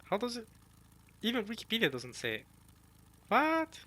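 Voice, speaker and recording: A man reading a manga chapter aloud and reacting in casual chat, talking to his viewers and musing out loud. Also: high-pitched, big pitch swings, fast. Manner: chatty, addresses viewers as y'all, muses aloud.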